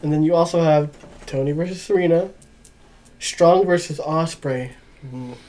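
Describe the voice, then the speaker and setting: A man with a rather high voice co-hosts a casual wrestling chat. He sounds easygoing, chuckles often and restarts his sentences as he thinks. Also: normal speed, mellow. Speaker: podcast co-host.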